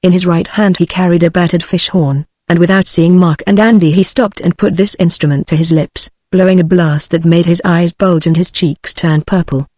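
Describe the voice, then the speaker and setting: A woman's voice: fairly low pitch, moderate pace, few pauses, no echo, clean studio sound. A text-to-speech voice of a woman with a British English accent narrating an adventure novel as an audiobook. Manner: even synthetic reading.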